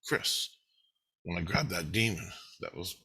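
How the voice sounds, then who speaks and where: A man recounts a vivid dream in a loose, profane monologue, acting out each quoted voice as he goes. His pitch leaps around constantly, and his tone is bright and forceful. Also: animated, measured pace, breathy edge. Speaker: vlogger. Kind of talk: casual storytelling monologue.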